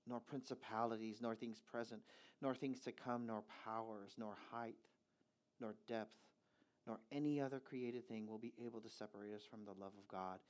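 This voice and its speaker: Emphatic male preacher. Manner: emphatic, swings from low quiet to loud raised passages. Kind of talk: sermon.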